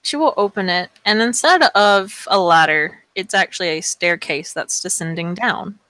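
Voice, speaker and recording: Woman, game master, slow descriptive narration, fairly low voice, dry recording. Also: fairly bright tone, dry recording, poor audio.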